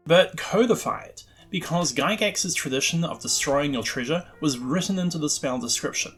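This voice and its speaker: A man's voice: fairly high pitch, animated, moderate pace, fairly bright tone, breathy edge, faint music behind. A man hosting a scripted narration about the history of a tabletop game spell, with wry, self-deprecating asides. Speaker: host.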